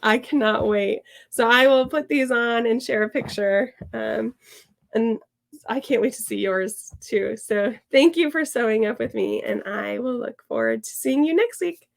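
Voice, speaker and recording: A woman with a cold and a gravelly voice, chatting casually through a sewing tutorial. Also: on the high side, unhurried. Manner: chatty and upbeat, with fillers. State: sick, gravelly voice. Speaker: sewing instructor. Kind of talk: casual sew-along tutorial.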